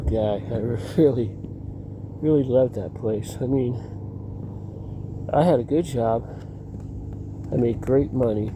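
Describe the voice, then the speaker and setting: With background noise behind him, a vlogger in a mid-range voice rambles through personal stories outdoors. He keeps breaking off mid-thought and laughing at what he's telling.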